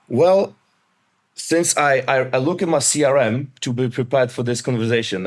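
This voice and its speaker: A man speaking as a guest on a podcast interview, talking casually and often restarting or repeating his words as he thinks. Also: medium pitch. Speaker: podcast guest, marketplace specialist.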